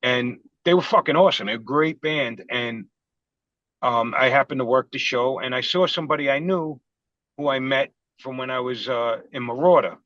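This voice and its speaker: A man's voice: mid-range voice, normal speed, fairly bright tone, no room sound. A man from Queens, a podcast guest telling rambling, profane anecdotes in casual chat. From Queens, New York. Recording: dull, dry lo-fi sound.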